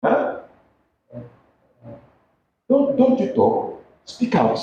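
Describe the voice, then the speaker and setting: A man's voice: very high voice, huge pitch swings, very slow, warm tone, roomy sound, lo-fi sound, slight background noise. A man with a Nigerian English accent teaching a physics lesson, questioning students and coaxing them to answer aloud. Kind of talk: classroom lesson with call-and-response questions.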